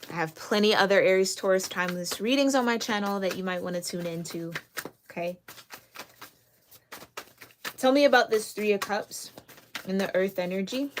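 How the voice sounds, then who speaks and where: Woman, casual tarot reading, chatty, excitable, mid-pitched voice. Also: noisy background. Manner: chatty and excitable, many fillers and restarts. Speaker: tarot reader.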